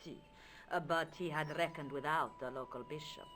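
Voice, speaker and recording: An actress voicing a proud, formal countess in a video game, with an imperious, dramatic manner. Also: female voice, deep voice, moderate pace, a bit bright, faint music behind. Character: proud Spanish countess, haughty, bitter, later hopeful.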